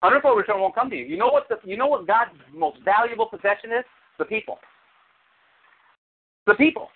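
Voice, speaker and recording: A man preaching a sermon as pastor, animated, with sudden high exclamations. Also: fast talker. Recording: tinny phone-like sound.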